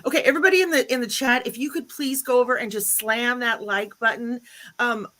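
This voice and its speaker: Woman, livestream host, bubbly, chatty, fairly high pitch, bright tone. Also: brisk. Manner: bubbly, chatty, greets viewers by name. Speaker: YouTube channel host. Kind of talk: casual livestream chat.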